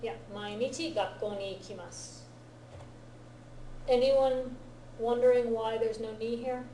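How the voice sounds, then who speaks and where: A woman's voice: a little high, fairly even intonation, a little slow, warm tone, reverberant, slight background noise, low-quality recording. A woman teaching a grammar lesson to a class, patiently explaining and often checking whether everyone understands. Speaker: Japanese teacher.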